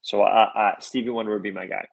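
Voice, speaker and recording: A man guest chatting casually, animated and enthusiastic, laughing often. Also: on the low side, fast, vocal fry, lo-fi sound, a crowd in the background. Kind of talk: casual chat.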